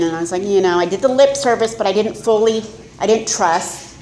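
A woman's voice: medium pitch, fairly even intonation, moderate pace, a little hiss or hum. A middle-aged woman giving a candid, self-mocking personal testimony as a speaker at a recovery meeting. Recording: echoey room with faint ambience.

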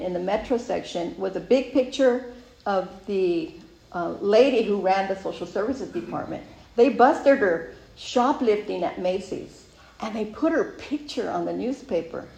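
A woman giving a personal recovery testimony, telling her story in a lively way and acting out her past thoughts. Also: medium pitch, normal speed, gravelly. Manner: animated storyteller who acts out her own past thoughts. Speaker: speaker sharing a recovery story. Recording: roomy sound with faint ambience.

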